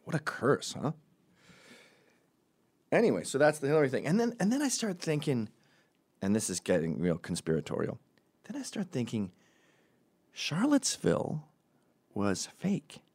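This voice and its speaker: A man's voice: medium pitch, huge pitch swings, moderate pace, long pauses, darkish tone, breathy edge, no echo. A man ranting comedically as a podcast host, rambling and profane, jumping between tangents. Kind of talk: comedic rant.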